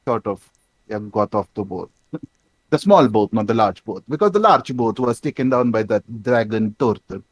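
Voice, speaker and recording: A man speaking in character as a tabletop game player, in a halting way with lots of stammered restarts. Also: on the low side, animated, no room sound. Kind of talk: in-character tabletop role-play.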